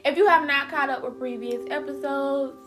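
Bright-voiced Geechee woman podcaster. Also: high-pitched, moderate pace, soft background music. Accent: South Carolina Geechee. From South Carolina. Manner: chatty, repeats words, slangy and emphatic. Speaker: podcast host. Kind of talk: casual solo podcast monologue.

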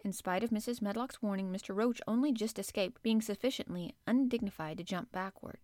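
An audiobook narrator reads a children's classic in scripted, measured storytelling fashion. Her mid-range voice is a little mellow, and the recording is dry with clean studio sound.

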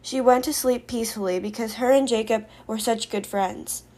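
A woman's voice: on the high side, normal speed, a little mellow. A woman casually narrating a homemade story, recapping it informally.

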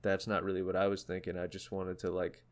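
Young male podcast co-host, low-pitched, rambling and filler-heavy, relaxed casual chat. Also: quick pace. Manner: rambling, many fillers and restarts. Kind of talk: casual chat about music.

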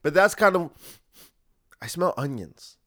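A man's voice: on the high side, lively intonation, unhurried, a bit bright. A man hosting a solo podcast, ranting in a sarcastic, profane way. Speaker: podcast host.

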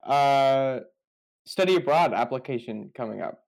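A man's voice: medium pitch, animated, measured pace, creaky, a little mellow, rough recording. A young man co-hosting a podcast over a voice call, chatting casually, sarcastic and swearing freely. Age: young adult. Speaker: podcast co-host. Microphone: computer mic over a voice call.

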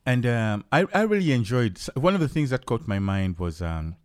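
A man's voice: mid-range voice, very animated, moderate pace, no echo, clean studio sound. A man from Uganda hosting a podcast, chatting casually and playfully, asking joking questions. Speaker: podcast host. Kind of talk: casual chat.

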